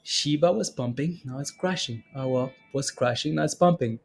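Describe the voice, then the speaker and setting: A man's voice: mid-range voice, moderate pace, creaky, breathy edge, faint music behind. A man hosting a casual trading livestream, rambling with many fillers as he reads out viewer questions. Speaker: stock and crypto livestream host.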